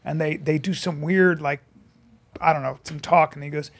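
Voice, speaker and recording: A man co-hosting a podcast, telling a story in casual chat, animated and swearing freely. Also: a little high, normal speed, creaky. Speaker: podcast co-host.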